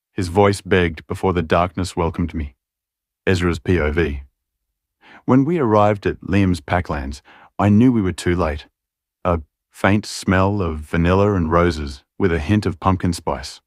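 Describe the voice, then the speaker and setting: Low-voiced man narrating a dark romance. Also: no room sound, clean studio sound. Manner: acts out dialogue with raised, strained pitch. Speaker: audiobook narrator. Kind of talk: dramatic audiobook narration.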